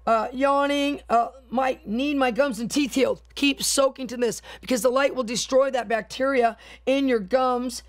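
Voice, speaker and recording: A woman's voice: sits high, steady tone, moderate pace, hardly any pauses. A woman minister leading a live-streamed healing prayer, speaking in fervent, repetitive commands and decrees.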